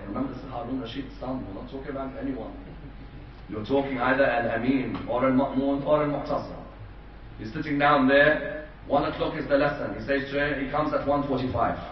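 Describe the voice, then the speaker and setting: A man's voice: mid-range voice, slight background noise. A man delivering a majlis sermon in a large community hall, telling a story dramatically and voicing its characters. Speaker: preacher. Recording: distant echoey hall, dull sound.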